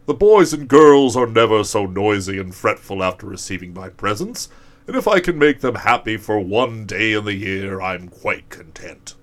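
A jolly old graybeard answers firmly in a deep, hearty voice, done by a male storyteller. He sounds sure of himself and kindly. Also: lively intonation, normal speed, fairly bright tone. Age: older. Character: jolly, firm old graybeard Santa Claus.

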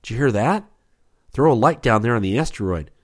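A man's voice: mid-range voice, a little fast, voice pushed up, lightly acted. A man voicing a startled young fighter pilot speaking urgently to his gunner. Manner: urgent, excited.

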